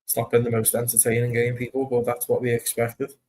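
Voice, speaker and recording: A man's voice: medium pitch, completely flat delivery, fairly quick, a little mellow, a little hiss or hum. Chatty young man streaming football. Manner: chatty, rambling, swears, reads out chat comments. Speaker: football watch-along streamer. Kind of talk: casual live-stream chat.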